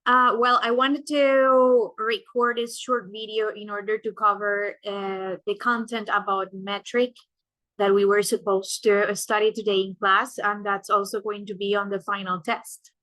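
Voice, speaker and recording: Woman teacher, young adult, unhurried bright delivery, dry close sound, patient explainer. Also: medium pitch, level tone, no room sound, poor audio. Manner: explanatory, frequent "right?" checks and "uh" fillers. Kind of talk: recorded class lesson.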